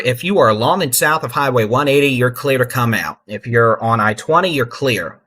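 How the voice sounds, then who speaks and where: A middle-aged man, hosting live severe weather coverage in a relaxed, folksy way with urgent safety warnings. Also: mid-range voice, normal speed, hardly any pauses. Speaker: weather livestream host.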